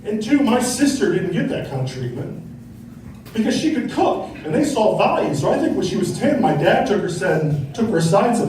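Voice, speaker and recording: A middle-aged man performing a stand-up comedy set, telling stories with acted-out quotes and tacking on a quick "right?" after punchlines. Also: sits high, very animated, a little mellow, distant mic, a little hiss or hum. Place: comedy club stage. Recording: echoey club, mic from afar, faint crowd.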